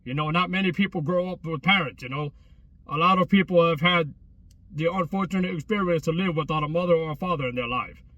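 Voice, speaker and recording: This man in his 30s is a travel vlogger, rambling through casual chat outdoors at a closed restaurant, repeating himself, restarting often, and leaning on street slang. He speaks fairly quickly in a sharp tone on the high side. The sound is lo-fi, from a distant mic.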